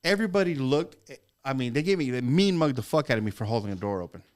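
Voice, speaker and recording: Man, casual podcast guest, fast profane storytelling. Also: medium pitch, animated. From Texas.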